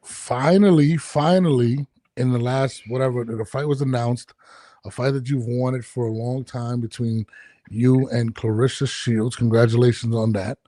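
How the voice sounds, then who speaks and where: A man's voice: mid-range voice, steady tone, moderate pace, warm tone, no echo, clean studio sound. A man hosting a casual podcast interview, talking loosely with many restarts and fillers. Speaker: podcast host. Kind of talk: casual video-call interview.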